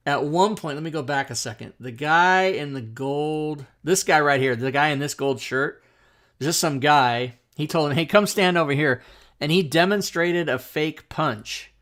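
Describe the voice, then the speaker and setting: A man with a slightly high, fairly bright voice hosts a livestream talk show, telling a long, rambling story casually, laughing often and restarting sentences.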